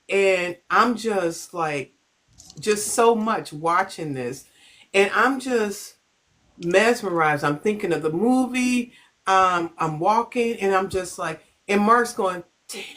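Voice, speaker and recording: On her phone livestream, a middle-aged Chicago woman from the United States wanders through a personal story and breaks off to greet people watching. She speaks at a medium pitch with a slightly bright quality.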